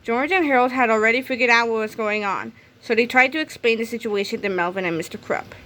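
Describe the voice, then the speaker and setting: Bright-voiced woman reading a storybook. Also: a little high, fast talker, slight background noise. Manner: lively storytelling. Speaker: read-aloud narrator. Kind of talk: children's book read-aloud.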